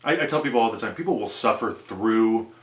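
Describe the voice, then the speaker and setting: A man's voice: fairly low pitch, lively intonation, a little fast, a bit bright. A man in his thirties, chatting casually in a vlog as he explains his plans. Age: 30s. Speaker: vlogger.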